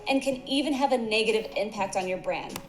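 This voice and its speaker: A woman's voice: on the high side, fairly quick, slight background noise. A woman giving polished, upbeat scripted narration for a corporate training video. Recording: echoey, with background music.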